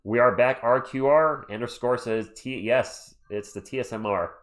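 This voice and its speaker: A man's voice: mid-range voice, normal speed. A man hosting a casual livestream, calling a basketball game play by play and reading chat aloud into a desktop microphone at home. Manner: chatty, excitable, reads chat aloud. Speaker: livestream host. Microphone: USB desktop microphone.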